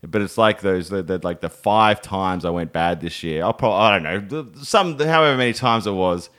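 A man's voice: lowish voice, moderate pace. A young man, a podcast co-host and stand-up comedian, telling rambling stories in casual chat and often laughing at himself. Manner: animated, rambling anecdotes with frequent self-amused laughter.

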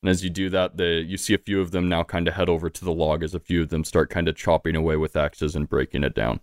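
Man, game master, low voice, easygoing, dry close mic. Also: little pitch movement, quick pace, no room sound. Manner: easygoing, laughs often. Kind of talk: narrating a tabletop game.

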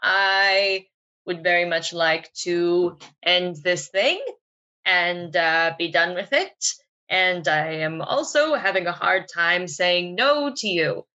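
A woman taking part as a player in a tabletop role-playing game, with a bright, tense voice. She talks in a dramatic, flustered way and often restarts her sentences. Her voice comes through a dull, lo-fi mic. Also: lowish voice, animated, slow. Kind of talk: tabletop game play, casual chat.

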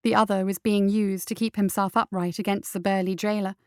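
A woman reading a story aloud in measured, dramatic audiobook narration, close to the mic. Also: mid-range voice, little pitch movement, clear, resonant tone, dry recording.

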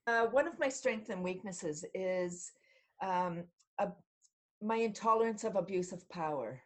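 Speaking at a measured pace in an expressive, medium-pitched voice, a middle-aged woman from Canada shares stories as a podcast guest. She's casual and lively, laughs a lot, and voices others' lines with lots of expression in this interview-style storytelling.

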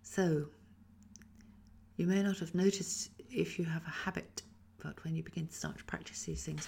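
An English woman guiding a Feldenkrais lesson, speaking slowly and softly with many whispered phrases, her voice tired after a weekend of talking. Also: deep voice, fairly even intonation, vocal fry, slight background noise. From England. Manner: slow, soft-spoken guiding with frequent whispered phrases. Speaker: Feldenkrais teacher. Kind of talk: guided movement lesson.

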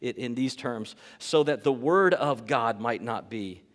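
A man's voice: mid-range voice, unhurried, big-room sound. A man preaching a sermon as pastor, earnest and emphatic, repeating key phrases for weight.

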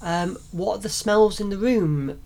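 A woman's voice: mid-range voice, unhurried, gravelly, mellow. A woman co-hosting a casual faith podcast, chatty and rambling, often laughing between thoughts. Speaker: podcast co-host.

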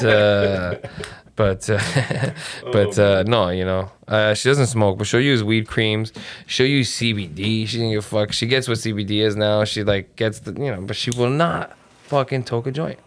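A man, a comedian guest, telling animated stories in casual chat, swearing freely. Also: fairly low pitch. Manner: animated, swearing, fast storytelling.

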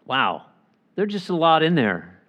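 Man teaching scripture with a lively voice. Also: on the high side, a little slow. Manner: reflective, stops to picture the scene aloud. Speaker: pastor. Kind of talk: expository Bible teaching.

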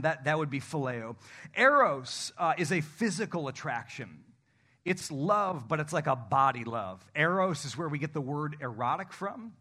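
A pastor in his thirties, from the North Country, preaching with jokes and acted-out little scenes. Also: fairly high pitch. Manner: animated, joking, acts out little scenes. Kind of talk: sermon.

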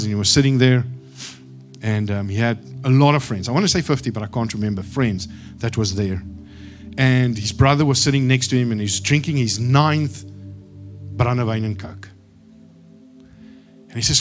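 A man preaching a sermon. He moves from slow, quiet scripture reading to loud, excited storytelling. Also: mid-range voice, soft background music. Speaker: pastor.

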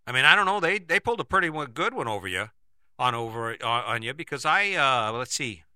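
Man, piercing bright tone, dry close sound, skeptical talker who keeps asking rhetorical questions. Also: mid-range voice, big pitch swings, brisk, smooth, no echo. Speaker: speaker giving a monologue to camera. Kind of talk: persuasive commentary monologue.

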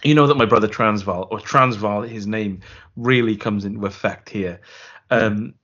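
A man with a fairly low voice and a rambling, chatty way of talking, laughing often and poking fun at himself as he co-hosts a podcast. His voice sounds dull and lo-fi. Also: moderate pace, a bit bright. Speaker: podcast co-host. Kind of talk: casual film chat.

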